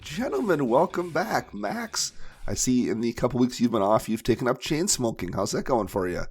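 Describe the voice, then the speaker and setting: A man's voice: mid-range voice, big pitch swings, moderate pace, slightly rough, dry recording, soft background music. A man hosting a casual podcast chat about cards, laughing often and restarting his sentences. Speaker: podcast host.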